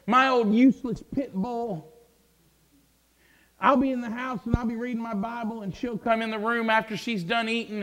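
A male preacher telling a Bible story, repeating words as he builds to fervent shouting. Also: extremely high pitch. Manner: stammering repetitions, swelling into fervent shouts. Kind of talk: sermon.

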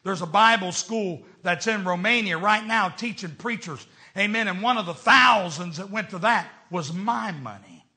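A middle-aged man, preaching a storytelling sermon as a traveling evangelist, swinging between shouts and hushed tones. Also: high voice, moderate pace, few pauses.

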